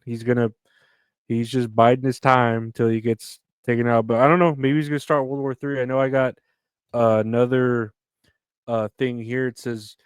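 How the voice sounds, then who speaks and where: A man's voice: medium pitch, clean tone, no echo. A tired man rambles through a casual solo podcast, swearing freely and joking at his own expense. His voice sits in a middle register, recorded close and dry with no room sound. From United States. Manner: rambling, profane, self-mocking. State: tired, yawning. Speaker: podcast host.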